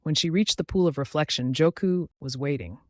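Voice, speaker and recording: A man narrating a folktale in a dramatic, measured way. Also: fairly high pitch, darkish tone, no echo, clean studio sound. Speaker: storyteller.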